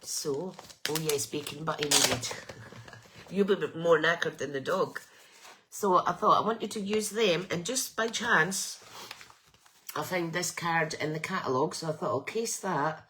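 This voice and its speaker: A woman's voice: sits low, measured pace, bright, forceful tone, slight background noise, low-quality recording. A middle-aged woman hosting a chatty craft live stream with a bunged-up nose, rambling and greeting viewers by name. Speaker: craft livestream host.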